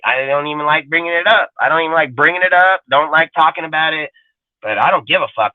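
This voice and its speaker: A man's voice: on the high side, no room sound. A man in his forties ranting heatedly about football in a crude, rambling way, swearing constantly. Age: 40s. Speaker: podcast co-host. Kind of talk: profane sports talk rant. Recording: tinny phone-like audio, dry.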